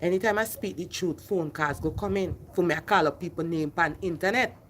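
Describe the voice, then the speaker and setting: Speaking briskly in a lowish voice, a middle-aged woman rants on a phone livestream amid slight background noise. Impassioned and repetitive, she names individual viewers as she hosts.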